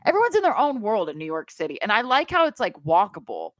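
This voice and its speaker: Woman in her thirties, casual podcast chat, animated, self-mocking, mid-pitched, dry close sound. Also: quick pace, no echo. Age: 30s. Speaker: podcast co-host.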